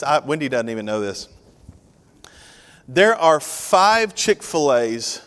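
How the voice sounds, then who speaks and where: A man's voice: medium pitch, fairly bright tone. A man preaching a sermon as pastor, conversational and joking with his congregation. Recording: long hall reverb.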